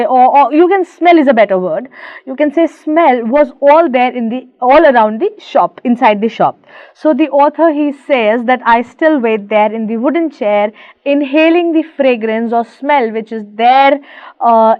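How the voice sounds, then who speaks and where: A woman teacher from Nagaland going through a story line by line, rephrasing each phrase slowly in plain words. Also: fairly high pitch, no echo. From Nagaland, India. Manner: slow, repetitive explaining with frequent rephrasing. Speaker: English teacher. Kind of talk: explaining a literary text line by line. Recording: dull, lo-fi, dry recording.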